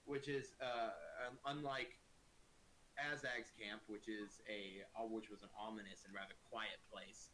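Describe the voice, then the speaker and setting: A man's voice: fairly low pitch, fairly even intonation, measured pace, pushed and bright, slight background noise, poor audio. A man narrating a tabletop game as game master, casual and profane, with frequent filler words, over a voice call.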